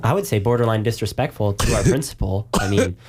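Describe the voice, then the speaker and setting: A man's voice: fairly low pitch, fast talker, very noisy. A young man, a podcast guest, telling a joking story in casual chat. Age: young adult.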